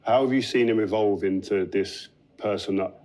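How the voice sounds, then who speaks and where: A man's voice: fairly low pitch, moderate pace, darkish tone. A man interviewing a footballer, asking his questions in a conversational way.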